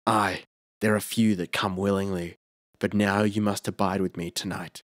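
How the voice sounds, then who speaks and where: A man voicing a stern, guarded temple keeper from ancient Britain, with a harsh, gruff and suspicious way of talking. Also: on the low side, flat delivery, normal speed, no echo, clean studio sound, lightly acted. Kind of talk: audiobook character reading.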